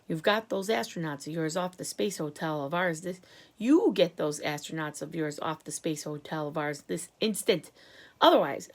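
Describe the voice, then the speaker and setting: A woman reading a children's story aloud, voicing a loud, blustering male president. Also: on the low side. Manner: shouting, blustering.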